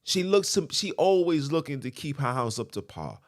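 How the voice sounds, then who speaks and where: Male podcast host, preachy monologue, emphatic and repetitive, medium pitch. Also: sing-song, moderate pace. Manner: emphatic, repetitive, asks the listener "right?".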